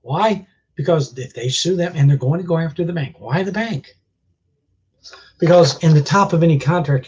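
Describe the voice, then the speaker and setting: A man's voice: a little high, a little mellow, breathy edge, lo-fi sound. A man with a chest cold, bluntly scolding viewers in a casual live stream rant and swearing freely. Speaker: vlogger.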